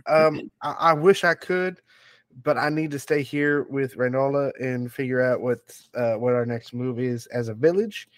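A man's voice: medium pitch, steady tone, moderate pace, few pauses, dry recording, studio quality. A man player speaking in character in a bumbling, hesitant comic way. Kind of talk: in-character role-play.

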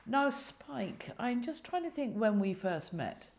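A woman's voice: fairly high pitch, very animated, slow pace, a little mellow. Woman interviewer in casual chat.

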